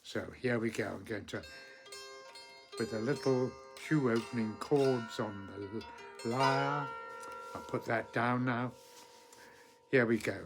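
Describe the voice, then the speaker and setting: A man hosting a poetry channel, reading an ancient poem slowly and deliberately and explaining it line by line. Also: mid-range voice, over music.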